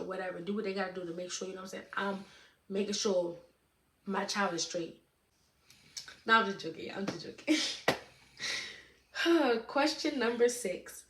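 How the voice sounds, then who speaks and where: A young woman in her late teens chatting casually to camera, answering viewer questions in a relaxed way, with lots of "you know what I'm saying.". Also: medium pitch. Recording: echoey room with faint noise.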